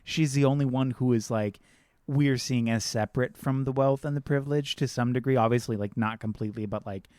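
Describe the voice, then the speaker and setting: A man's voice: medium pitch, fairly even intonation, brisk, darkish tone, no echo, studio quality. A man co-hosting a podcast in casual film chat, earnest, repeating phrases as he thinks and acting out quotes. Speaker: podcast co-host.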